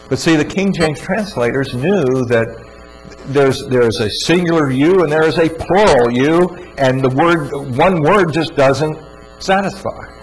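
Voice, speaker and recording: A man's voice: mid-range voice, poor audio. Earnest male speaker for a scripture teaching talk, emphatic and repetitive, slight background hum. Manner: earnest, emphatic, repeats words. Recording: faint mains hum.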